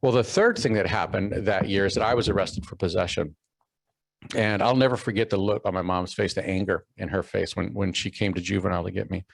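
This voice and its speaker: A man's voice: sits low, steady tone, fairly quick, creaky, dry recording, low-quality recording. A middle-aged man from Texas giving a keynote talk, telling a personal story with many fillers and restarts. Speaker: keynote speaker.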